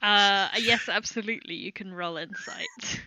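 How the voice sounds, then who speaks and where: A woman's voice: medium pitch, unhurried, pushed and bright, no echo. A woman running a tabletop game as game master, narrating with giggly energy.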